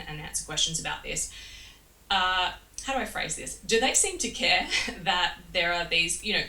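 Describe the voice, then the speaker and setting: Woman host, very low but crisp and forceful voice, echoey distant mic. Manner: long setup questions, hedging aloud. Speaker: interviewer. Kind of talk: interview questions. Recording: roomy echo, distant mic, faint hiss.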